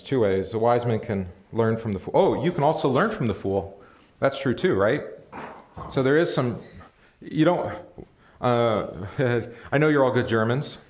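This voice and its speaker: A man's voice: mid-range voice, expressive, moderate pace. A man teaching a casual Bible study as pastor, talking to the room, asking questions and reading passages aloud. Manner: conversational, asks the room questions, chuckles. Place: church or classroom. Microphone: live stream mic.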